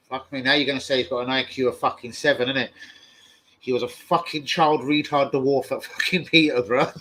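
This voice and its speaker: A man's voice: mid-range voice, poor audio. Sweary man ranting on a live stream. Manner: foul-mouthed, rambling, excitable rants. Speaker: football fan channel host. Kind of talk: live stream answering viewer comments.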